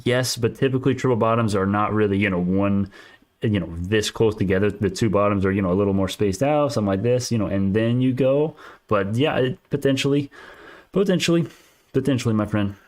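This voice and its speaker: A man's voice: lowish voice, a little fast, a little mellow. A man hosting a stock market livestream, answering chat comments in casual, argumentative talk, often restarting his sentences.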